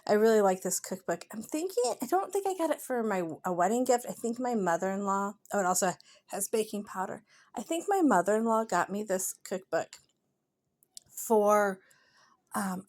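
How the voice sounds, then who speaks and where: A woman's voice: medium pitch, lively intonation, moderate pace, a little mellow. Woman, mom vlogger, casual voiceover, chatty, rambling, encouraging. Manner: chatty, rambling, self-deprecating; earnest and encouraging. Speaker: mother and vlogger. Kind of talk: casual day-in-the-life voiceover.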